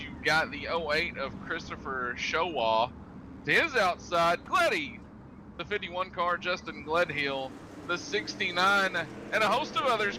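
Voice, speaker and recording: A man announcing the starting lineup and race action in a rapid announcer delivery. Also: fairly high pitch, noisy background.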